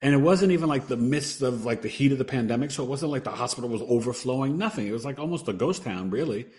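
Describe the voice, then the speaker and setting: A man's voice: mid-range voice, animated, fast, a little mellow. A man who is a podcast guest, telling a personal story earnestly and acting out what people said. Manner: earnest, acts out quoted dialogue, trails off and restarts.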